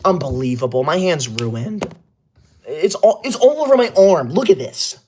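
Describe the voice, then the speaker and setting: A man's voice: fairly high pitch, sing-song, normal speed, a little mellow, slight background noise. A man playing a bossy, touchy schoolboy livestreamer who is obsessed with rules, in a comedic livestream parody, talking in a scolding, indignant way.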